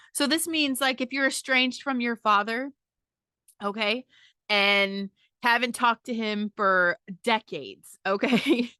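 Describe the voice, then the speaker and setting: A woman's voice: fairly high pitch, pushed and bright, dry recording, clean studio sound. A woman hosting a podcast, talking in a casual, emphatic monologue full of swearing and "okay?" checks. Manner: emphatic, profane, keeps asking "okay?". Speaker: podcast host.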